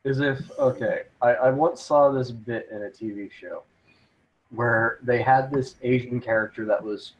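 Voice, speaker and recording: A man's voice: mid-range voice, lo-fi sound, slight background noise. A man co-hosting a casual talk show, laughing often and swearing freely. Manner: laughing, profane, drawn-out speech. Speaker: co-host.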